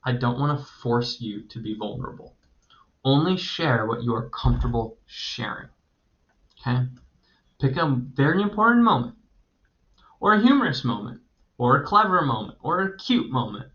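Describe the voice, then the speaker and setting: A man's voice: mid-range voice, normal speed, fairly bright tone. A man in his thirties teaching creative writing in a recorded video lecture, talking in an enthusiastic, conversational way and laughing often. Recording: dull lo-fi recording.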